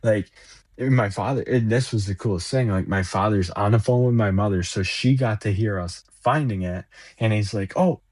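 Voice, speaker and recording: A man with a low, husky voice tells a story in a loose, rambling way. He stumbles over and repeats words while acting out bits of dialogue. The sound is close and dry. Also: moderate pace, a little mellow, no room sound. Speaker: podcast guest. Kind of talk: casual storytelling.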